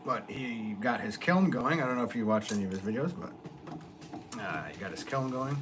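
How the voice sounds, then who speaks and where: A man's voice: mid-range voice, animated, brisk. A middle-aged man, a potter, chatting casually and rambling on a live stream as he reads viewers' comments aloud. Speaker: potter hosting a livestream. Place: pottery studio. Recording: noisy background.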